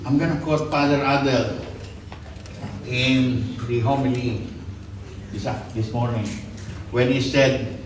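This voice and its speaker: A man's voice: mid-range voice, steady tone. Filipino father of the bride, echoey hall. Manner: halting, joking and emotional. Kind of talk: wedding speech. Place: wedding reception hall. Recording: echoey and distant, loud crowd noise.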